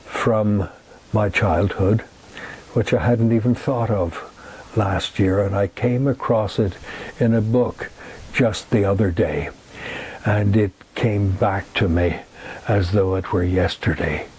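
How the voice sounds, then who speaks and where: A man in his eighties with a Northern Irish accent, giving a gentle, reflective talk and reciting poetry with a lilting emphasis. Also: fairly low pitch, takes it slowly, breathy edge. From Northern Ireland. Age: 80s. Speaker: guest speaker.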